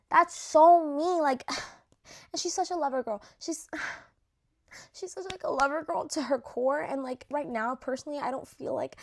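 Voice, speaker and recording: A young woman vlogs in a chatty, gushing way while ranking a reality show's cast, leaning heavily on "like" and throwing in swear words. Her voice is high-pitched and a bit bright, moving at a moderate pace, though it sounds a little worn because she's losing it.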